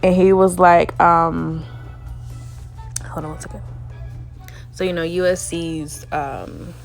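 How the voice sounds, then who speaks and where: Gravelly-voiced young woman telling a story. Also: on the low side, fairly even intonation, slow, soft background music. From Alabama. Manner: chatty, leans on "you know", laughs often. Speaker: dating story vlogger. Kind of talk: casual storytelling.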